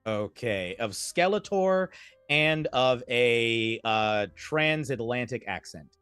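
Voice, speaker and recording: A man's voice: medium pitch, slow, clean tone, no room sound, soft background music. A man narrating as game master of a streamed tabletop game, rambling and correcting himself as he goes. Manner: animated, rambling, self-correcting.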